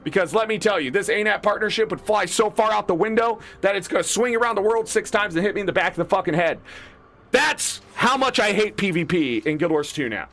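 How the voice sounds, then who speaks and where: A man's voice: high voice, fairly bright tone. A man in his thirties streaming a game, ranting casually with profanity and switching into mock voices. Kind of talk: casual gaming rant.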